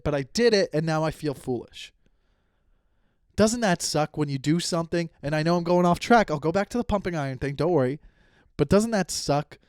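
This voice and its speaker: A man's voice: on the high side, darkish tone, clear, resonant tone, no room sound, clean studio sound. A man in his thirties, a comedian hosting his own podcast, talking alone in a rambling, profane way and often interrupting himself to chase tangents. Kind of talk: rambling solo podcast monologue. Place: at home, lying down.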